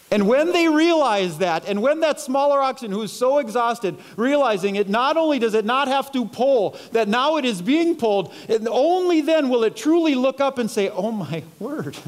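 Man, high-pitched voice, preaching, impassioned, pleading tone. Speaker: pastor. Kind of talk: sermon.

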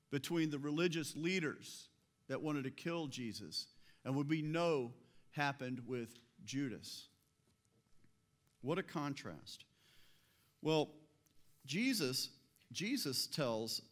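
Male pastor, higher-pitched, casual sermon delivery full of rhetorical questions. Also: a bit bright.

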